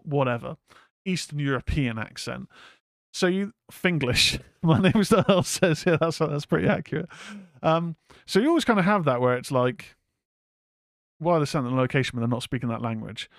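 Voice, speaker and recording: A man's voice: mid-range voice, dry recording, clean studio sound. A man from England hosting a casual film review show, rambling, swearing freely and reading out chat comments. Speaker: horror podcast host.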